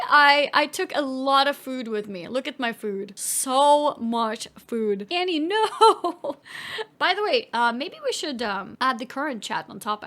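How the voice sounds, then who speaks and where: A woman streamer casually commenting on her game, excitable and laughing often, also reading game dialogue aloud in her own voice. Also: high-pitched.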